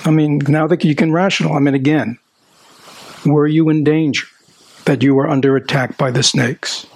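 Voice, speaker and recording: A man's voice: a little high, steady tone, normal speed. A man leading a live seminar, coaching an audience member with patient, repeated questions. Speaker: workshop speaker coaching a participant.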